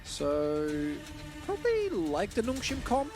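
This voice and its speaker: A man's voice: sits high, wildly swooping pitch. A man giving casual, analytical color commentary on an esports match, with game music underneath. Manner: analytical, casual, quick to explain. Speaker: esports caster.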